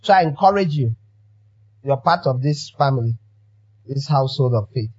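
Emphatic pastor, dull recording. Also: male voice, mid-range voice, animated, normal speed, darkish tone, husky. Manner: emphatic, repeating phrases for effect. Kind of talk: sermon.

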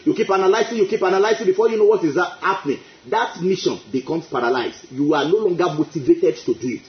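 This fast-talking preacher has a high-pitched voice and delivers an emphatic sermon full of repeated phrases and outbursts of praise, heard through echoey, dull lo-fi sound.

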